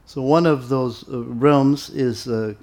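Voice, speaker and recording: A monastic teacher with a mid-range voice gives devotees an informal spiritual talk, speaking in a relaxed, conversational style. He pauses often and acts out quoted exchanges.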